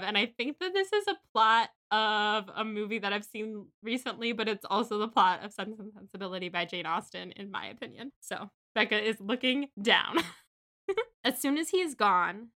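Young woman co-host, casual book chat, gushing and animated, bright tone. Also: medium pitch. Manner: animated, gushing, tells the plot in a rush. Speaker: podcast co-host.

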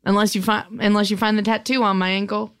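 A woman's voice: medium pitch, little pitch movement, quick pace, fairly bright tone, clear, resonant tone. A woman comedian riffing on a comedy podcast, playfully mock-angry and over the top. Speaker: comedian guest. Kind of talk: improvised comedy podcast banter.

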